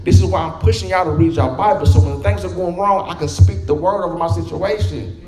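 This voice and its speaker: High-voiced preacher man, echoey church. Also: a little fast. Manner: folksy, conversational preaching with quoted voices and humor. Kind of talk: sermon. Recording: echoey room with background music.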